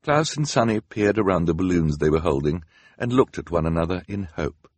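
Husky, low-voiced male narrator. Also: lively intonation, a little fast, darkish tone, no room sound. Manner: dry, wry storytelling. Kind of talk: scripted audiobook narration.

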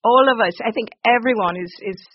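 A woman's voice: a little high, brisk, slightly rough, no echo. Woman, close dry lo-fi sound. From Jamaica. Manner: warm, enthusiastic, laughs often. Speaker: children's author. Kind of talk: radio interview answers. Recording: dull lo-fi broadcast audio.

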